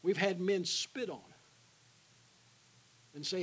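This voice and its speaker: A man preaching an evangelistic sermon in a church, calling out to the congregation for responses and dropping to a hushed voice for the invitation. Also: on the high side, unhurried, husky, rough recording. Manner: call-and-response with the congregation, alternating loud and hushed. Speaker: guest preacher. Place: church sanctuary.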